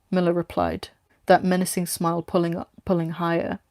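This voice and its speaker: A woman reading her own story aloud with steady, plain narration. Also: fairly low pitch, a little fast, no room sound, clean studio sound.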